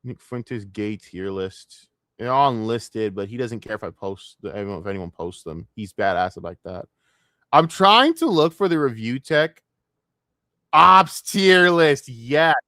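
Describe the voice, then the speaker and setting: A man's voice: lowish voice, lively intonation, a little slow, a bit bright, dry recording, studio quality. A man streaming alone, rambling in casual talk with a lot of swearing, trailing off and laughing to himself. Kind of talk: casual solo livestream rant.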